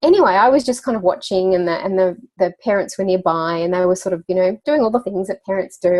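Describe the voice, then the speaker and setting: A woman's voice: medium pitch, quick pace, hardly any pauses, a little mellow. A woman guest in a casual interview, talking as a children's wellbeing coach with a chatty storyteller's manner, laughing now and then and using lots of fillers. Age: adult parent.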